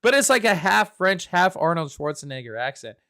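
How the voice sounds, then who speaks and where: A man co-hosting a casual movie podcast, talking in an excitable, exclamatory way. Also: sits high, a little fast. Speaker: co-host.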